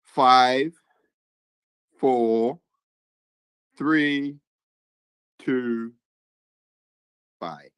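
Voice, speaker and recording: A man's voice: mid-range voice, steady tone, very slow, long pauses, fairly bright tone, clear, resonant tone, no room sound, rough recording. A man hosting a casual live stream, reading the chat aloud and often repeating his own lines. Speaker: livestream host.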